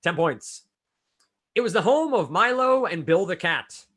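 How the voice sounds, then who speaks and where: A man hosting a trivia game, reading clues briskly and calling on players by name. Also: high voice, sing-song, a bit bright. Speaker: trivia quizmaster.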